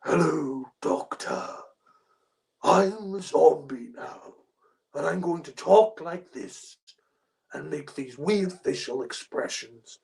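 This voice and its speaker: A man putting on a zombified male caretaker, in a mocking, exaggerated, drawn-out voice. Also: a little high, animated, creaky, a little mellow, heavily acted, low-quality recording. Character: zombified male caretaker, over the top, slow and vacant.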